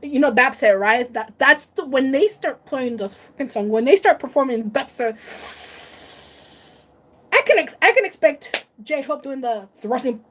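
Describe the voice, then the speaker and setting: A woman's voice: high voice, expressive, a little slow. A woman vlogger chatting casually on a live stream, emotional and tearful, gushing and laughing often.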